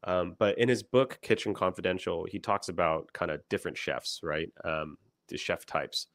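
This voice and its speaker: Deep-voiced young man rambling on a livestream. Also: fairly even intonation, moderate pace, fairly bright tone, dry recording, clean studio sound. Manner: rambling, many fillers and restarts, laughs often. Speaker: company founder hosting a livestream. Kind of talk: casual livestream talk.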